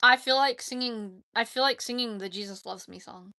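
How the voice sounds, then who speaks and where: A woman's voice: fairly high pitch, moderate pace, pushed and bright. A woman hosting a casual live stream, chatting in a rambling way and laughing often. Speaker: livestream host.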